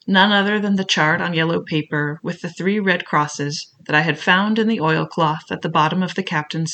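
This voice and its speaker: Bright-toned male storyteller. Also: a little high. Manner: measured, reflective first-person telling. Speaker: audiobook narrator. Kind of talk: storytelling narration of a classic novel.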